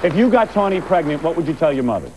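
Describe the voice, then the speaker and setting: A man with a slightly high voice runs a radio game show, bantering and firing wisecracks at his guests. He echoes every answer back to them with a teasing edge. The broadcast carries a clear, steady layer of background noise. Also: fast. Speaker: radio host.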